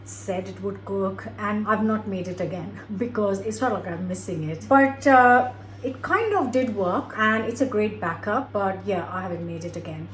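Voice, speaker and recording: A middle-aged woman chatting frankly as she cooks on a home cooking vlog. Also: medium pitch. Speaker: cooking vlogger. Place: home kitchen. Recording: roomy kitchen echo.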